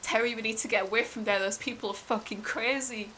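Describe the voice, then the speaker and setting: A woman voicing a sly male spirit creature with a man's head, a long neck and wings, speaking calmly, then in a hurry. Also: a little high, a little hiss or hum, low-quality recording. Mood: hurried. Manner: calm, then hurried and breathless.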